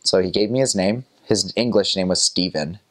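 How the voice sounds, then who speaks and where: Young guy telling a story from his mission, kinda low voice, laughs a lot, says like a bunch. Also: normal speed. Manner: chatty, laughs often between phrases, fillers like "like" and "kinda". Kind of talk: casual personal storytelling.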